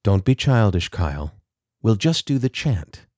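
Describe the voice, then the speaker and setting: Man as all-knowing home AI, low voice, calm, soothing, assured, dry recording. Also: a little slow, dry recording. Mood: commanding.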